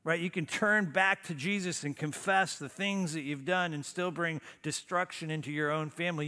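A man preaching a sermon as a pastor, emphatic, with dramatic pauses and sudden drops to a low, quiet voice. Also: long reverb tail.

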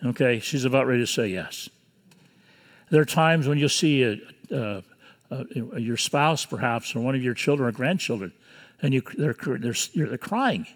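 A man in his sixties preaching a sermon as pastor, earnest and measured, with pauses between phrases. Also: medium pitch, lively intonation, long reverb tail. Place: church sanctuary.

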